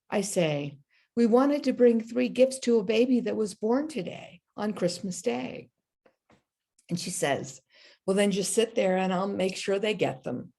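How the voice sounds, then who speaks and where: A woman minister giving a sermon, telling a story and then leading a slow, meditative prayer. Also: medium pitch, lively intonation, gravelly, dark tone.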